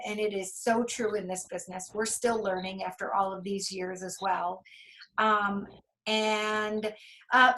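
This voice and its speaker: An enthusiastic woman leading a casual team training over a video call, talking through numbers out loud. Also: mid-range voice, poor audio.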